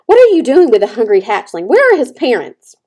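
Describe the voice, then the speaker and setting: A bossy old gray goose snaps out quick, scolding lines with a sharp, slightly raised voice, as a woman plays her. She is a blunt, no-nonsense storybook mother goose. Her talk rushes along with a lively rise and fall. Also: on the high side, voice pushed up. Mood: brisk, scolding. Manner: brisk, scolding squawks.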